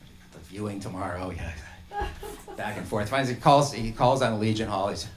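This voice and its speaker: A man's voice: fairly low pitch, brisk, soft background music. A man, a musician, rambling and laughing as he tells a story between songs at a small intimate live show.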